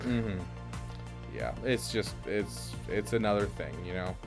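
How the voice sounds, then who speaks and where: Low-voiced man in halting gaming chat. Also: creaky, music in the background. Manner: halting, many restarts and fillers. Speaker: co-host. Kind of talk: casual gaming podcast chat.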